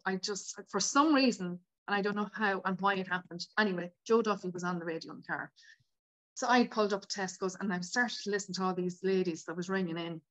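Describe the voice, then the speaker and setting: A woman, a podcast guest candidly telling her own story with many fillers. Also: medium pitch. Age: 50s. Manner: candid and tearful at times, many 'like' fillers. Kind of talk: emotional personal storytelling.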